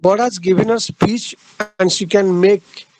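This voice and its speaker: A man giving a literature lecture, halting, with frequent fillers and repeated phrases. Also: high voice, steady tone, a little mellow, rough recording.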